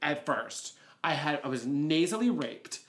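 Animated man telling stories. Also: a little slow. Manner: animated, laughing, swooping into high quoted voices. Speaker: podcast co-host. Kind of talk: casual storytelling chat.

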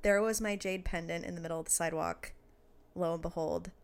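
A woman's voice: fairly low pitch, brisk, clean tone. A woman co-hosting a podcast, casually chatting and telling stories with lots of laughter. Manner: animated storyteller, laughs often. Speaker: podcast co-host. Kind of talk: casual chat.

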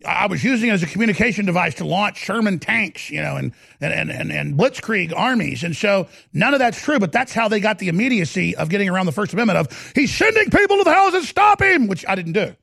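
A middle-aged man hosting a talk radio show, ranting in an excitable, loud way with bursts of shouting. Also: high voice, fast talker, creaky, few pauses, dry recording, clean studio sound. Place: radio studio.

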